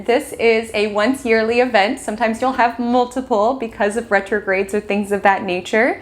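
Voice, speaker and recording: Woman, bubbly, gushing, casual vlog, slightly high voice. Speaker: astrology vlogger.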